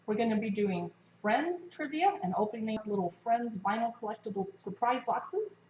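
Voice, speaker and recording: On the high side and animated, this woman talks at a normal speed with a slightly mellow tone and a bit of background noise. She hosts a casual livestream from her home kitchen, chatting to viewers as she cooks and eats, and the echoey room sounds a little dull.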